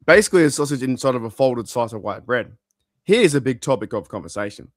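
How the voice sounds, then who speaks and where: A man's voice: mid-range voice, quick pace, no room sound, clean studio sound. A man from Australia with an Australian accent, a podcast guest telling stories in casual, swearing chat. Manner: swearing, anecdotal, lively storytelling.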